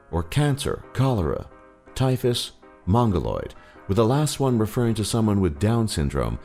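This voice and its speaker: A man's voice: fairly low pitch, a little mellow. A man giving scripted narration for a list video, with a wry, joking delivery.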